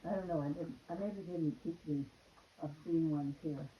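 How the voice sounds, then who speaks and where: Rambling older mom, dull lo-fi audio. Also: female voice, low-pitched, moderate pace, slight background noise. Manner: rambling, repeats herself. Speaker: mother. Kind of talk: casual family chat. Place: home. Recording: dull lo-fi home recording.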